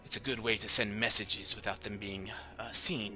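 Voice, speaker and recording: Dude doing a raspy sly vendor, pushy sales pitch, bright edge. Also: male voice, fairly even intonation, normal speed, soft background music, rough recording. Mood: secretive. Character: sly masked male market vendor.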